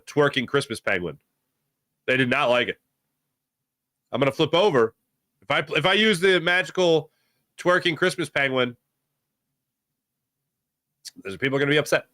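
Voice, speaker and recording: Hosting a sports talk stream, this man reads out chat comments in a rambling, jokey way, reacting to people's names as he goes. His voice sits on the high side and is a bit bright, captured with studio quality and no echo.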